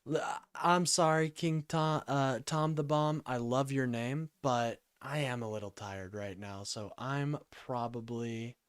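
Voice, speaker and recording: A man's voice: mid-range voice, slow, hardly any pauses, clear, resonant tone, no room sound, studio quality. A sleepy, yawning man hosting a casual call-in livestream, rambling and apologizing as he talks to chat.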